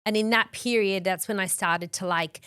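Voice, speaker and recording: A woman's voice: medium pitch, normal speed, smooth, no room sound, clean studio sound. An Australian woman in her forties, a podcast guest telling her story candidly and acting out the dialogue she quotes. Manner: animated, acts out quoted dialogue, frequent "like".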